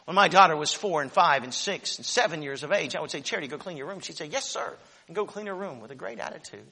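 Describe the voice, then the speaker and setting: A man in his forties preaching a sermon, swinging between shouted proclamation and quiet, close talk. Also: a little high, lively intonation, fast talker, slightly rough, in a large hall. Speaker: pastor.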